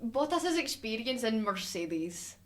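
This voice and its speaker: A young woman co-hosting a casual racing podcast, excitable and laughing a lot as she talks over her co-host. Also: fairly high pitch, a little slow. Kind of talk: casual chat about racing.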